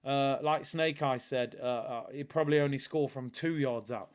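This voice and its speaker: A man hosting a live football watchalong, chatting casually and shouting out viewers. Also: mid-range voice, normal speed. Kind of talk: live football chat reading viewer comments.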